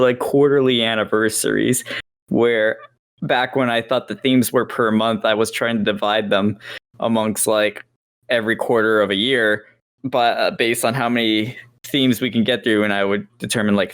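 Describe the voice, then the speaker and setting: A man co-hosting a review podcast, rambling and correcting himself in casual chat. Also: medium pitch. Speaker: podcast co-host.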